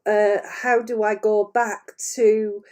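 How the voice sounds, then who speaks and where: A woman's voice: medium pitch, flat delivery, slow pace, darkish tone. A woman hosting a live stream as an intuitive medium, talking freely to camera from a room full of her paintings, with many "uh"s and frequent laughter. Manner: chatty and meandering, many "uh"s, easily breaks into laughter. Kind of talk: unscripted spiritual talk to camera.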